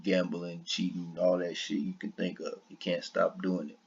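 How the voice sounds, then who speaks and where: A man's voice: low voice, level tone, moderate pace, vocal fry, muffled recording. A man giving blunt, combative reaction commentary, swearing heavily as he talks. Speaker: online commentator.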